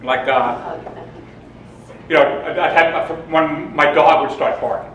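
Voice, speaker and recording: Telling jokes and stories to a seminar audience, a male presenter laughs frequently. His fairly high voice is unhurried. A distant mic in an echoey room picks him up amid heavy background noise.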